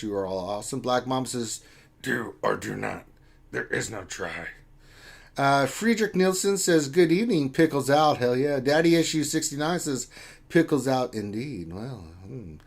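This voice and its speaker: Joking man reading live chat. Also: mid-range voice. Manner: joking, reads chat names aloud with playful teasing. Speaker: co-host reading viewer chat. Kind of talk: casual live-stream chat.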